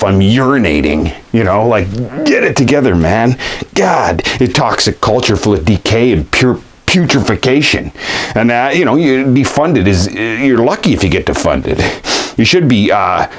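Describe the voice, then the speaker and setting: A man in a comedy sketch, ranting in a rambling way full of fillers and restarts, getting heated. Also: moderate pace. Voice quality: lively swooping pitch.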